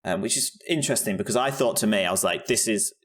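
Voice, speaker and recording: A man's voice: on the low side, fast talker, a bit bright. A young man co-hosting a casual album review chat, talking with frequent ums and restarts. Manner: hesitant, lots of ums and restarts. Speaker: podcast co-host reviewing albums.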